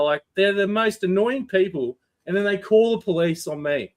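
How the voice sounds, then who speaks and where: An Australian man in casual podcast chat, swearing freely as he tells an animated story. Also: sits high, normal speed, hardly any pauses.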